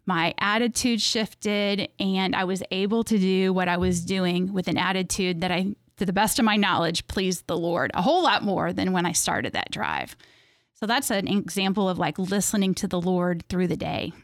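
A woman's voice: on the low side, moderate pace, dry recording, studio quality. A woman speaking earnestly as an interview guest, thinking aloud with many fillers. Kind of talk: casual faith conversation.

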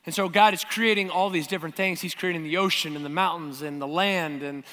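A man's voice: fairly high pitch, fairly even intonation, brisk, pushed and bright, big-room sound. A man preaching a sermon, talking earnestly and directly to the congregation and asking them rhetorical questions. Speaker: pastor.

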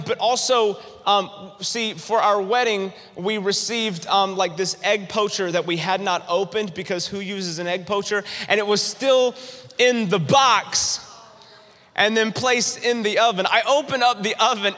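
A man preaching a sermon, telling a funny personal story with animated, humorous delivery. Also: high voice, a little slow, in a large hall. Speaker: pastor.

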